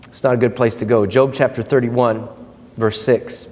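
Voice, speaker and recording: A man's voice: medium pitch, steady tone, normal speed, darkish tone. Earnest preaching man in an echoey church. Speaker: pastor. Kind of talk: sermon. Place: church sanctuary.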